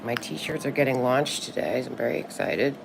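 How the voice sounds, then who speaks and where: A woman's voice: rumbling low, fairly quick, vocal fry, background noise. A woman in her sixties chatting casually on a live stream, talkative and swearing freely when frustrated. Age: 60s.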